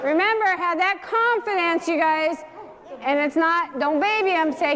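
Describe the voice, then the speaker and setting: A woman's voice: extremely high pitch, unhurried, a bit bright, a faint crowd. A woman dog trainer leading a hands-on class, giving direct instructions and coaxing the dogs in a sing-song. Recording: long hall reverb.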